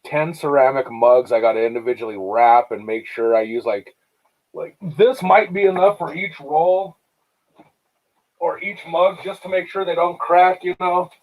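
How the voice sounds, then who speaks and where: A man hosting a casual podcast chat, telling stories in an animated way and laughing often. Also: a little high, moderate pace, low-quality recording. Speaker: podcast host.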